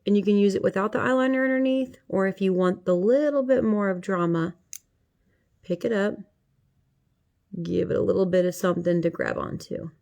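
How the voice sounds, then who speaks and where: Chatty and playful, this middle-aged makeup vlogger talks to her viewers while doing a tutorial. She speaks at a moderate pace in a medium-pitched voice that's gravelly and a little mellow.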